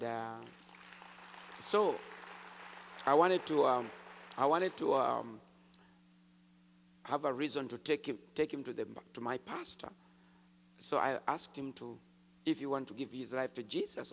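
A man preaching a testimony, telling his story with animated swings from hushed to shouted. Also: medium pitch, a little slow, creaky, long pauses, a little hiss or hum. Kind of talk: sermon testimony. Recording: long hall reverb.

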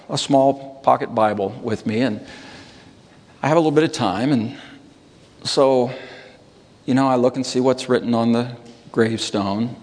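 A man's voice: medium pitch, a little mellow. Reflective preacher man in a hall. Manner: musing, slow over scripture, voice lifts on key words. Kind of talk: reflective sermon.

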